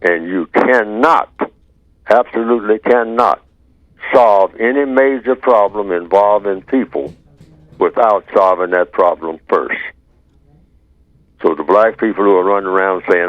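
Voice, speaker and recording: An older man hosting a talk radio show, reasoning through a problem slowly with rhetorical questions. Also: deep voice, dry recording. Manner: slow, deliberate, rhetorical questioning. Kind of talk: answering listener email on talk radio. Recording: tinny phone-line sound.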